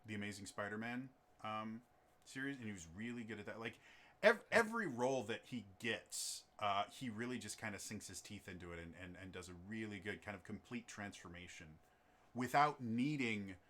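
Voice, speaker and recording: A man's voice: lowish voice, normal speed, a bit bright. A man in casual conversation who rambles, with many fillers and restarts. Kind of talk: casual chat.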